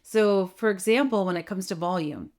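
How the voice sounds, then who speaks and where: A middle-aged woman voice coach giving an animated talk to camera, often checking in with "right?" and demonstrating vocal changes as she goes. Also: medium pitch, normal speed.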